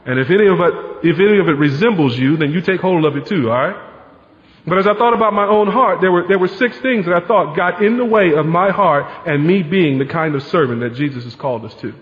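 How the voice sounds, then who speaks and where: Pastor, male, conversational sermon delivery, slightly high voice, long hall reverb, dull lo-fi sound. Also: expressive, a little fast. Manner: conversational preaching, rhetorical asides.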